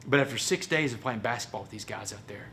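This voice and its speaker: A man with a Texan accent giving a motivational storytelling speech. He is animated and folksy, and keeps calling the audience "y'all". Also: mid-range voice, quick pace, slight background noise. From Port Arthur, Texas. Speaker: motivational speaker.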